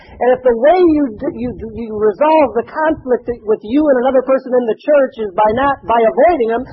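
High-voiced preacher on a tinny line. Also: male voice, fairly quick. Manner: preaching with rising fervor, quoting scripture. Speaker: pastor. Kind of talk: sermon. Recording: tinny phone-like broadcast with faint noise.

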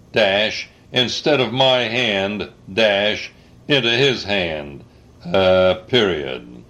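Slow older man dictating, spelling words. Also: on the low side, fairly bright tone. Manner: halting, spells out words, many uhs. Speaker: dictating a written article. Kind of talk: slow dictation with spoken punctuation.

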